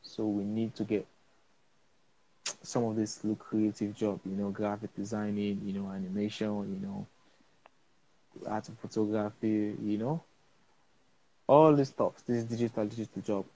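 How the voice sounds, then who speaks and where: A man hosting a casual live-stream interview, playful and lively, often repeating words. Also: fairly low pitch, moderate pace, long pauses, muffled recording, slight background noise. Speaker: interview host.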